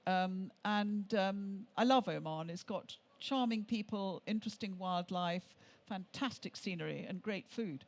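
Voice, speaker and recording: A woman's voice: mid-range voice, a little slow, few pauses. Older Englishwoman telling rambling travel stories. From England. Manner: chatty, rambling storyteller with frequent restarts. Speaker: author and tour leader, interview guest. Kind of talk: conversational anecdotes on stage. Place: stage at a travel show.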